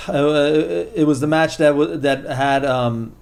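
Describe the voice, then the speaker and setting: A man co-hosting a wrestling podcast, talking excitedly and rambling, with many fillers and some swearing. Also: fairly high pitch, slow pace, gravelly. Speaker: podcast co-host. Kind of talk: casual wrestling chat.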